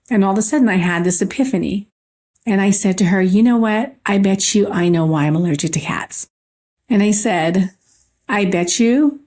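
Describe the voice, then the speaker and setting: A woman hosting a spiritual podcast, telling a personal story in an earnest, gently emphatic way. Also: medium pitch. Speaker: podcast host.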